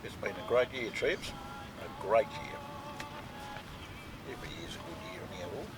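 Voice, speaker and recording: A man's voice: mid-range voice, sing-song, normal speed, vocal fry, over music. Chatty New Zealand man at camp. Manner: chatty, peppers talk with "mate" and "eh". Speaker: vlog co-host. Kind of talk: casual outdoor vlog chat. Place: outdoor campsite.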